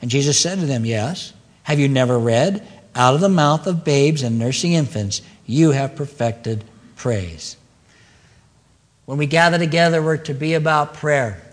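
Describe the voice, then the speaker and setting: Male pastor, earnest preacher, slightly high voice, long church-hall reverb. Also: expressive, measured pace. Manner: earnest preaching with emphatic repeated phrases. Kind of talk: sermon.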